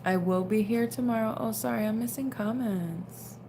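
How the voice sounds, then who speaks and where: A woman's voice: on the high side, normal speed, noisy background. A young woman casually chatting on a late-night livestream, reading out viewer comments and sounding tired. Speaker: livestream host.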